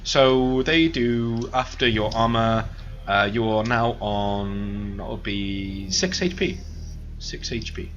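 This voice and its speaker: A man's voice: fairly low pitch, fairly even intonation, takes it slowly, a bit bright, highs cut off, soft background music. Rambling man running a tabletop game. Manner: rambling, laughing, full of filler words. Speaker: game master. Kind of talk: narrating a tabletop game over voice chat. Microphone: online voice call.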